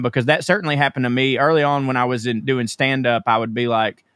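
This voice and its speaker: A man with a Southern US accent co-hosts a casual podcast, joking around and cursing freely. His voice sits at an ordinary pitch and sounds close and dry. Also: fairly even intonation, brisk, fairly bright tone, no echo. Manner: profane, joking questions. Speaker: podcast co-host and comedian. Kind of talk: casual chat.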